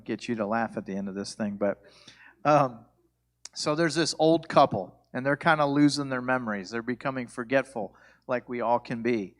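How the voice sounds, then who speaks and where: A man leading a church couples workshop, talking casually with jokes, stories and frequent fillers. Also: mid-range voice. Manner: conversational, self-deprecating, many fillers.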